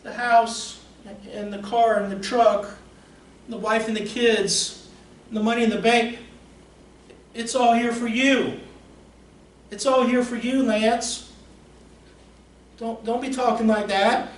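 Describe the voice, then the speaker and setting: Man doing a coaxing dream come to life, high and loud, insistent, echoey room, distant mic. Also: steady tone, slow, pauses often. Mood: pleading. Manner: loud, insistent, repeats the listener's name. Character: a personified dream, coaxing and pleading. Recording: roomy echo, distant mic, faint noise.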